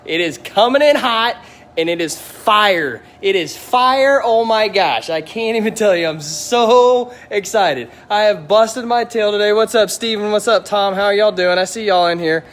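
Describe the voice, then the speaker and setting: A fairly high-voiced man walks around cars outdoors, talking to his phone. He gushes with wild excitement and says the same exclamations over and over. He talks straight to his viewers as he shows off his own detailing work. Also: measured pace. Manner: wildly excited, gushing, repeats exclamations. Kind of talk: live-streamed car reveal vlog. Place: outdoors beside parked cars.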